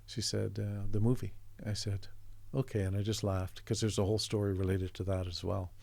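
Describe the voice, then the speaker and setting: Gravelly low-voiced man telling a story. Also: little pitch movement, a little fast, a little mellow, no echo. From Canada. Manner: reflective, meandering anecdotes with restarts. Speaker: interview guest, artist. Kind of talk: conversational storytelling.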